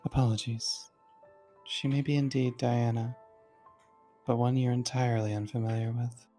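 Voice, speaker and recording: A friend reading a visual novel aloud, voicing a calm, composed male guide from the dream world in a measured, slightly formal way. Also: medium pitch, faint music behind, lightly acted.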